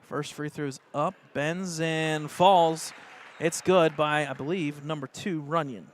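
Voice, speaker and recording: An American man doing live play-by-play of a high school basketball game, excitable and openly rooting for the home team. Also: takes it slowly, a little hiss or hum. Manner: excitable, partisan, rising pitch on plays. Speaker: play-by-play announcer.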